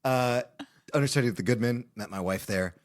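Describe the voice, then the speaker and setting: A man's voice: mid-range voice, brisk. A man from Illinois in his thirties, a guest actor telling stories with plenty of laughter in a casual podcast interview. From Illinois, USA. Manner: animated, laughing storyteller. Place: podcast studio.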